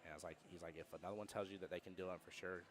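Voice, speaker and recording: Fast-talking low-voiced man. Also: fairly even intonation. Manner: rambling storyteller, many restarts. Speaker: pool commentator. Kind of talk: casual commentary chat. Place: pool hall.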